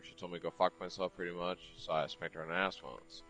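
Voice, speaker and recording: A man with a very low voice telling a personal story while he plays, rambling and cursing as he goes. Faint music runs underneath. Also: fairly even intonation, fast talker, few pauses, fairly bright tone, rough recording. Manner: rambling, profane, heavy use of "like". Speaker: streamer chatting while gaming. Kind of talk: casual chat storytelling.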